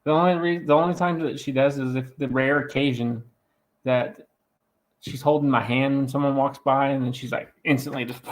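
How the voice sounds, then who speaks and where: A raspy-voiced man hosting a casual live stream, joking and teasing in a rambling way. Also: mid-range voice, fairly even intonation, moderate pace. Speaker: host of a farm channel live stream.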